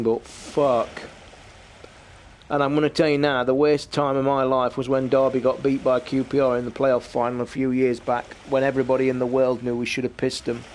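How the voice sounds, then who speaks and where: A middle-aged man, livestreaming a game while ranting and shouting over a football match. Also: medium pitch, slight background noise. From England. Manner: excitable and sweary, shouting at football. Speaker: gaming streamer. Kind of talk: live stream commentary while gaming and watching football.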